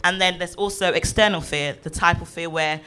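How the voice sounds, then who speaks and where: A woman's voice: lowish voice, a little fast, clear, resonant tone. A woman, chatting casually in front of a live audience and acting out voices as she tells stories. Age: 20s. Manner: animated storyteller, acts out voices with big laughs.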